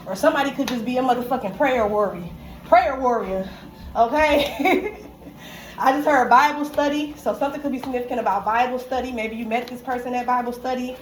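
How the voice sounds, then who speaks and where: Slangy woman giving a tarot reading. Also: sits high. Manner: slangy, profane, frequent "okay?" and laughter. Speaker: tarot reader. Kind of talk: casual spiritual reading. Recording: echoey room with faint background noise.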